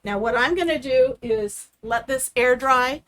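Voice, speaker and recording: A woman's voice: high voice, unhurried, fairly bright tone. Chatty woman demonstrating a craft. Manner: chatty step-by-step explaining. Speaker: craft host.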